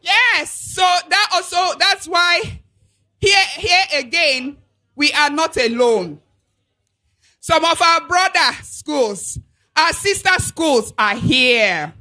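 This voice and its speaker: Nigerian lady mc, high voice, slow and playful, hyping the crowd, some music behind. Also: bright, forceful tone. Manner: playful, teasing, hypes the crowd. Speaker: event MC. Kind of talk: lively event hosting with crowd calls.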